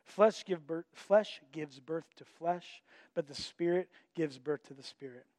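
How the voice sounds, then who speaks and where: A man's voice: fairly high pitch, a little slow, a little mellow, dry recording, clean studio sound. A middle-aged man, a pastor, telling a personal story in a sermon, conversational with frequent restarts.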